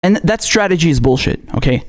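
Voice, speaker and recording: A man rants angrily about politics, constantly profane and mocking the people he's attacking with sarcastic mock quotes. His fairly high voice is animated, and he talks quickly.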